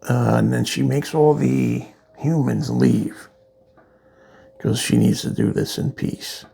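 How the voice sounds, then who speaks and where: A man's voice: medium pitch, wildly swooping pitch, slow, gravelly, warm tone, husky. A man reviewing a comic book in a loose, rambling way, full of fillers and restarts. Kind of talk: casual comic walkthrough.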